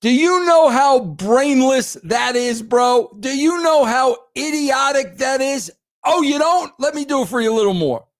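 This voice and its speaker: A man's voice: extremely high pitch, animated, unhurried, hardly any pauses. A middle-aged man hosting a wrestling show, ranting in a crude, exasperated way and repeating himself for emphasis. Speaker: host. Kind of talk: ranting commentary.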